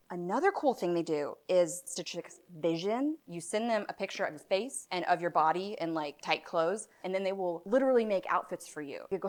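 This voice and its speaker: A woman's voice: on the low side, sing-song, fast talker, hardly any pauses. A woman in her thirties giving comedic, wry and self-deprecating commentary while trying on clothes. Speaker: comedy content creator. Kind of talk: comedic sponsored try-on commentary.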